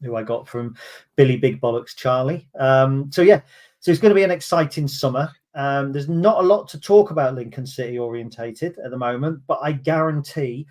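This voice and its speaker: A man's voice: medium pitch, normal speed, a little mellow. A man hosting a casual football podcast, chatty and self-mocking, with many ums. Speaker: podcast host.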